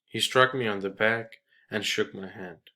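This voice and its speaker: A man reading a short story aloud in a measured way, with small restarts. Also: fairly low pitch, fairly even intonation, sharp tone. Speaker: reader.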